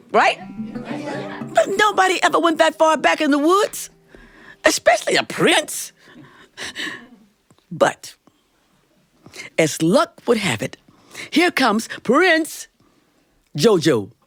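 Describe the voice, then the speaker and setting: Playful, animated woman storyteller. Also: mid-range voice. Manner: playful, dramatic, talks to the audience. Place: live studio performance.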